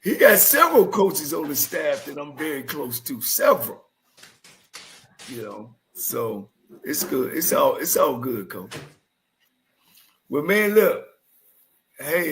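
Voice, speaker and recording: A man's voice: fairly high pitch, expressive, unhurried, pauses often, a bit bright, rough recording. A man co-hosting a casual sports talk show, candid and blunt, with folksy sayings. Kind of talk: casual chat.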